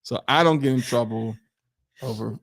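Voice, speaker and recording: A man co-hosting a podcast, telling a story in casual chat, animated, acting out quotes and laughing often. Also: mid-range voice, moderate pace, vocal fry. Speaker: podcast co-host.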